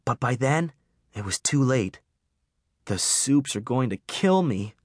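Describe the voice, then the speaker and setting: A man's voice: mid-range voice, expressive, takes it slowly, no echo, clean studio sound, pitched above the performer's own voice. A man voicing a worn-out, guilt-ridden teenage boy who talks in a breathless, anxious way in an audiobook. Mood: panicked, guilty.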